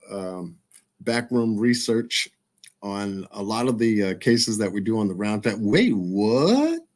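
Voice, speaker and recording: A man hosting his live stream, signing off in a relaxed, chatty way and laughing often. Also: mid-range voice. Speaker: host of a live show. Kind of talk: casual live-stream sign-off.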